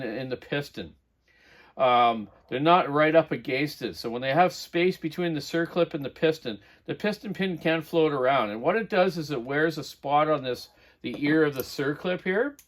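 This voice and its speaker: Man, middle-aged, slightly high voice, rambling workshop how-to, talks while working. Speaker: chainsaw repair host. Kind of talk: casual workshop demonstration. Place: home workshop.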